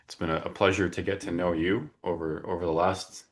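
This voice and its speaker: A very low-voiced man opens a webinar over a video call. He talks casually, with plenty of filler words and restarts. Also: flat delivery, fairly quick. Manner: chatty, frequent fillers and restarts. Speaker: webinar host.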